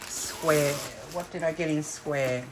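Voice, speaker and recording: A middle-aged woman from Australia chatting excitedly as she unboxes craft kits for her vlog. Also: low voice, slow pace, background noise. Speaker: craft vlogger. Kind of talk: casual unboxing chat.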